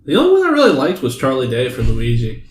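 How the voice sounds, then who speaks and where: A man's voice: medium pitch, huge pitch swings, fast talker, distant mic. A man co-hosting a podcast, chatting casually, joking and rambling with frequent restarts. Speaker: podcast co-host. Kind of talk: casual chat. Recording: echoey room with faint noise.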